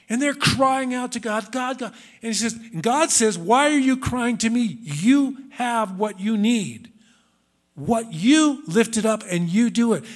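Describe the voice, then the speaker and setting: A man giving a conversational sermon, earnest and searching, with frequent restarts and rhetorical questions. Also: high voice. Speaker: minister.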